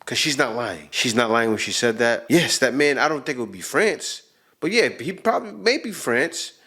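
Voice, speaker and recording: A man's voice: mid-range voice, animated, normal speed, pushed and bright, slightly rough. Host reacting to clips: man, emphatic, repeats his points. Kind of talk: casual commentary.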